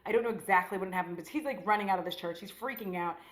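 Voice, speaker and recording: A woman's voice: mid-range voice, racing, a bit bright, reverberant, low-quality recording. A woman beauty vlogger chatting casually while doing her makeup, rambling in a slangy, profane way with lots of "like.".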